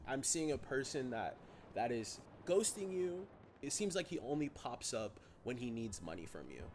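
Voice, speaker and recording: A man confronts a scam victim in a calm, direct way and often restarts his sentences. His pitch is ordinary, and a clear noise bed runs under his documentary audio. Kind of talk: documentary interview.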